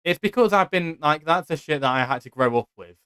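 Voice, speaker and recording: A man's voice: on the high side, expressive, a little fast, fairly bright tone, clean tone, no echo, clean studio sound. A man from Stoke with an English accent and a slight lisp, hosting a podcast in rambling, self-deprecating chat. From Stoke, England. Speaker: podcast host. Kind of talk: casual chat.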